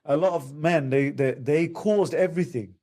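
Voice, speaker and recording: A man talking on a podcast as a family counsellor, animatedly acting out quotes in higher voices. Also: moderate pace, dark tone. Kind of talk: podcast conversation.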